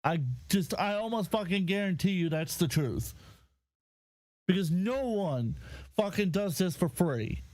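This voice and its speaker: A man hosting a live commentary show, ranting in a profane, heated yet deadpan way. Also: sits high, measured pace, dry recording. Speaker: host.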